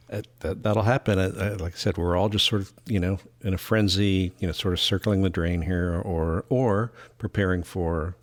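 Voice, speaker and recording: A man's voice: deep voice, steady tone, moderate pace. A man co-hosting a podcast in casual chat, talking in an easygoing, chuckling way with many fillers. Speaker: podcast co-host.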